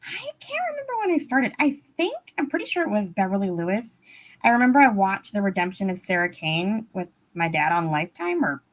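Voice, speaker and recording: A woman's voice: medium pitch, very animated, a little fast, slight background noise. A woman guest on a video-call book chat, talking frankly and conversationally with many fillers, through a laptop microphone. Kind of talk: casual chat. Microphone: laptop mic on a video call.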